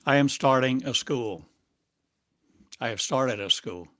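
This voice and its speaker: A man speaks as a spiritual teacher in a channeled monologue, stretching each phrase out at a very slow, deliberate pace. He keeps asking rhetorical questions, and his voice sits mid-range. The recording is dry, with no room sound around him. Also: medium pitch, pushed and bright, no room sound.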